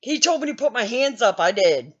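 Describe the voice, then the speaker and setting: A woman's voice: fairly high pitch, very animated, fairly quick, muffled recording. An older woman hosting a gaming channel, telling a story in a blunt, self-mocking way with lots of swearing. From Wisconsin, US. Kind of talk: casual storytelling.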